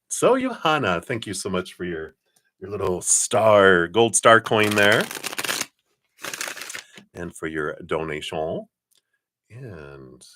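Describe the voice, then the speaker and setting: A middle-aged man hosting a live card-reading stream, chatting casually, often chuckling and clearing his throat. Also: deep voice, pushed and bright.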